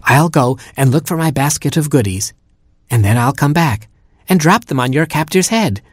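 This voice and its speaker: A man's voice: a little high, lively intonation, normal speed, husky, no room sound, clean studio sound, pitched above the performer's own voice. A man voicing an eager young boy playing superhero in a storybook reading, melodramatic and earnest. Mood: determined.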